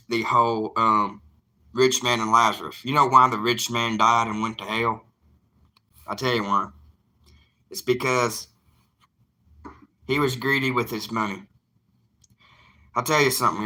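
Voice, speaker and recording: An evangelist vlogger, a young man with a Southern US drawl, chats to viewers in a casual monologue, folksy and emphatic, repeating himself for emphasis. His voice is mid-range with a sharp tone.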